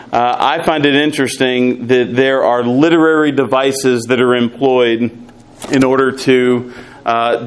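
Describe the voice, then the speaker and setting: A man teaching through a Bible passage, pausing often with fillers and reading scripture aloud. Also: mid-range voice, a little hiss or hum, poor audio. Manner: measured, frequent "uh" fillers, reads scripture aloud. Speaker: pastor teaching a Bible study.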